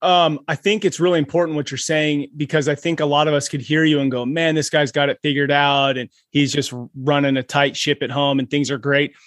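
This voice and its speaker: A man hosting a podcast in casual chat, relaxed and laughing along, saying dude. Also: fairly high pitch, a little fast, few pauses, no echo, studio quality. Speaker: podcast host.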